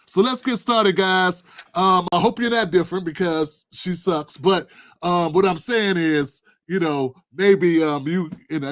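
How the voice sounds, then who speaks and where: A man hosting his own show, talking straight to his viewers in casual, slangy, emphatic political commentary. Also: on the high side. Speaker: show host.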